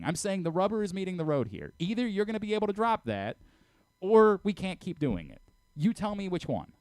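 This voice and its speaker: A man talking in a heated sports radio argument, lecturing and exasperated, often stumbling over his words as he restarts sentences. His pitch swings widely from high to low as he presses his point. The studio sound is dry and close. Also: big pitch swings, a little fast, dry recording. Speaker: radio host and programming director.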